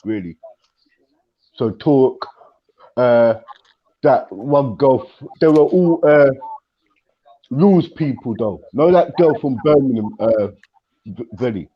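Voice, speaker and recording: A man's voice: medium pitch, animated, takes it slowly, long pauses, muffled recording. A young man rambling through gossip on a livestream panel, swearing as he goes. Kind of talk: casual livestream chat.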